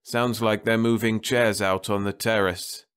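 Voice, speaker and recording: A man's voice: fairly low pitch, fairly even intonation, measured pace, fairly bright tone, clear, resonant tone. A man voicing a stubborn dying old spaceman who talks with sardonic defiance from his bed. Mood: insistent.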